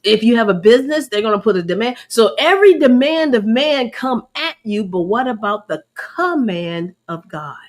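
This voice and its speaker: A woman's voice: fairly high pitch, expressive, moderate pace, few pauses. Earnest preacherly woman sharing testimony. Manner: earnest, preacherly, addresses listeners as y'all. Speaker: host. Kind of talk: faith-based personal testimony.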